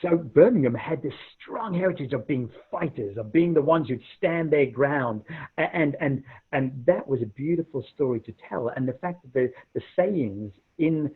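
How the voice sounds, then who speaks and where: A middle-aged man from Africa, a guest telling stories in an animated, chatty way over a video call. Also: medium pitch, normal speed, husky. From South Africa. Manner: animated, repeats words when starting. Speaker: guest, minister. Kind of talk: casual storytelling chat. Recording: muffled phone-like call audio.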